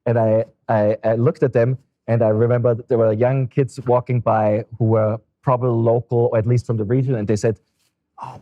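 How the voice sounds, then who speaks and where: A man's voice: medium pitch, no room sound, lo-fi sound. A man moderating a roundtable, asking long, thoughtful, rambling questions. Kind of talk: roundtable interview.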